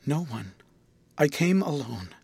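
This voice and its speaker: A man's voice: a little high, big pitch swings, slow, vocal fry, a little mellow, husky, dry recording, exaggerated voice. A man voicing a timid tearful young woman. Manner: timid and shaken.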